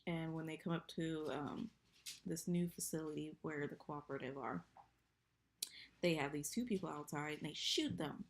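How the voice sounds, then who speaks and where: A woman's voice: sits low, normal speed. A woman in her thirties chatting casually and profanely through a TV episode recap. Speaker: TV recap vlogger.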